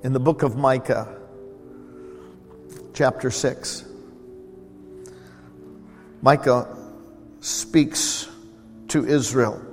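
A man's voice: mid-range voice, fairly even intonation, very slow, pauses often, faint music behind. Man preaching in an echoey church. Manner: warm, conversational preaching with repeated emphasis. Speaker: pastor. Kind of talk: sermon. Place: church sanctuary.

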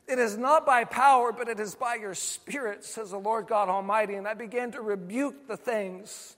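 A man's voice: high voice, normal speed, fairly bright tone, big-room sound. A male pastor preaching a sermon, building to emphatic, repeated declarations. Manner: preaching with swelling intensity, emphatic repetition.

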